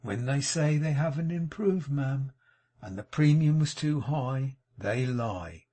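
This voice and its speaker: A man voicing a sanctimonious, self-pitying middle-aged gentleman in an audiobook, mournful and unctuous. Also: mid-range voice, takes it slowly. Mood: confiding. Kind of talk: audiobook character reading.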